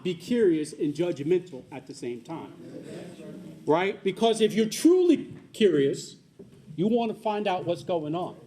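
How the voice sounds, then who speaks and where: Animated man giving a community speech. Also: sits high, a little slow. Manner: lively, joking asides to the audience, repeats key points. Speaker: guest speaker at a community celebration. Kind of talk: public speech with personal storytelling.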